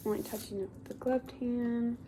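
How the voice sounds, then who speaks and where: A woman's voice: a little high, fairly even intonation, normal speed, background noise. A young woman giving a clinical exam, giving polite step-by-step instructions and often saying "awesome". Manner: polite, encouraging, repeats "awesome". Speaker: speech therapy student examiner.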